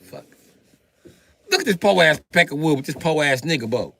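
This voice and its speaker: Brash, high-pitched stand-up comedian. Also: male voice, very animated, moderate pace, vocal fry, long pauses, dry recording, clean studio sound. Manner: brash, loud, crude, acts out characters. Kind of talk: profane stand-up comedy bit.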